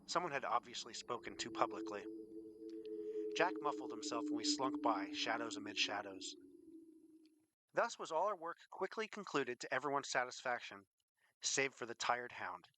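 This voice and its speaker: A man's voice: medium pitch, pushed and bright, no room sound. Wry male audiobook narrator. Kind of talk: first-person audiobook narration. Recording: audiobook with clear background hiss.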